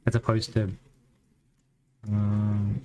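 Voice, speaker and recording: A man's voice: on the low side, completely flat delivery, drawn-out words, noisy background. A man with a Western Australian accent who rambles and thinks aloud while coding on a live stream. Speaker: game developer streamer.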